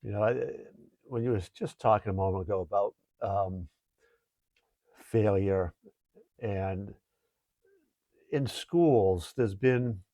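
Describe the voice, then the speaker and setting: A man's voice: fairly low pitch, slow pace, pauses often, warm tone, no echo. A man hosting a podcast interview, speaking in a thoughtful, hedging way. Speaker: podcast host, coach. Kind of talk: casual interview chat.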